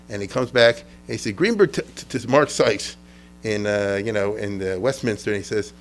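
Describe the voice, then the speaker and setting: A man's voice: fairly low pitch, moderate pace, a little hiss or hum. A middle-aged man, a rabbi, giving an informal history lecture in a chatty, digressive way, acting out quotes from the people he describes.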